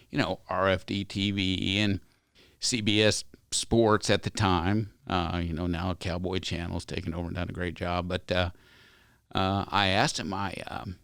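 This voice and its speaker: Deep gravelly-voiced man telling stories. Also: steady tone, moderate pace, a bit bright, no echo, studio quality. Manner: folksy, earnest, rambling. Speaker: ranch company owner, podcast guest. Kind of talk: casual interview storytelling.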